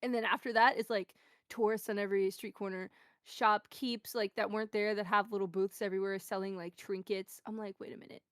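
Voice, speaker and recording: A young American woman chatting as a guest, telling stories in a relaxed, wry way that often drops to soft asides. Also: medium pitch, brisk, no room sound, studio quality. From United States. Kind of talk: casual chat.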